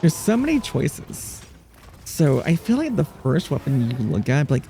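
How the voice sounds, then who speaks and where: A man streaming live who chats casually with his viewers in a soothing, relaxing, soft-spoken voice with gentle pauses. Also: on the high side, very animated, creaky, soft background music. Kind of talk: casual chat, answering viewers while gaming.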